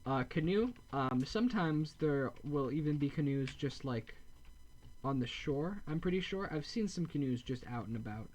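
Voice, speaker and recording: Guy narrating his game, rambly, keeps correcting himself, deadpan jokes. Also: medium pitch. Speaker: gameplay video host. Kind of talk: casual gameplay commentary.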